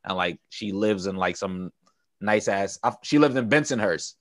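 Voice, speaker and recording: A man's voice: on the low side, moderate pace. A young man from Brooklyn, co-hosting a podcast and telling stories in loose, slangy casual chat. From Brooklyn, New York. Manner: loose, animated storytelling with slang and laughter. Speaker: podcast co-host.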